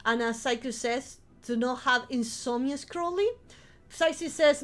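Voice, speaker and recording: A woman streamer chatting casually with her viewers, animated and swearing, breaking into shouts. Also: sits high, slow pace, pauses often. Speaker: vtuber streamer.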